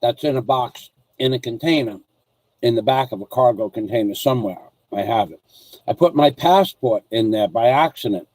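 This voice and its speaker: A man's voice: mid-range voice, normal speed, darkish tone, no echo, rough recording. A man telling a rambling story and chatting with viewers on a casual livestream, full of restarts and asides. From United States. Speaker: vlogger.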